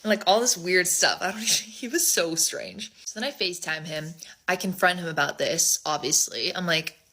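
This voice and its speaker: A woman's voice: on the low side, normal speed, bright, forceful tone. A young woman telling a storytime in a casual, chatty way, full of "like".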